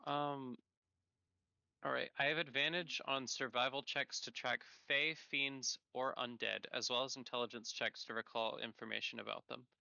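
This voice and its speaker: A man's voice: mid-range voice, fairly even intonation, moderate pace, vocal fry, pushed and bright, dry recording, highs cut off. A man playing a tabletop game, talking casually and reading rules aloud. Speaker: player.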